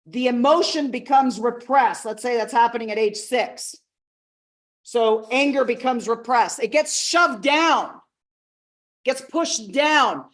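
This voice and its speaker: A woman coach teaching a live masterclass to an audience, talking expressively, acting out quotes and slowing down on key words. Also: high-pitched. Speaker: personal development coach.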